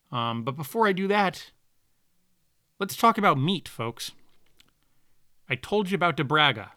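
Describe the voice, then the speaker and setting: A man's voice: medium pitch, bright, forceful tone, no echo, clean studio sound. A man hosting a podcast, reading an ad in a rambling, jokey way, correcting himself as he goes. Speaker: podcast host. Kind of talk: casual podcast ad read.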